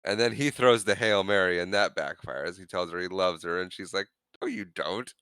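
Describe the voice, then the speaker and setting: A man recaps a film scene by scene in casual podcast chat, slipping into the characters' lines as he goes. His voice sits low but comes out bright and clean, recorded dry on a close mic. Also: steady tone, a little fast, clean tone, no echo. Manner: retells scenes acting out quotes. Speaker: podcast co-host.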